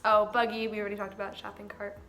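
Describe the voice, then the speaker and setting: A young woman chatting casually, laughing often and firing off quick questions. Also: medium pitch, completely flat delivery, bright, forceful tone, soft background music. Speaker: vlog co-host. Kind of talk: casual chat.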